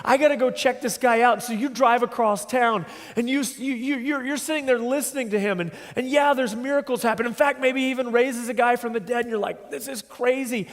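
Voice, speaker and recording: A middle-aged man preaching a sermon, earnest and emphatic, slowing down to stress key words. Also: very high voice. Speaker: pastor. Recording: long hall reverb.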